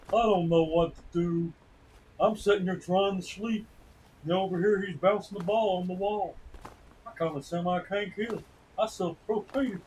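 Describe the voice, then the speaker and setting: A man's voice: high-pitched, a little mellow, pitched above the performer's own voice. A man doing a grumpy cartoon propane dad. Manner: gruff, scolding, exasperated. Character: grumpy middle-aged cartoon dad who sells propane. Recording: distant mic with faint noise.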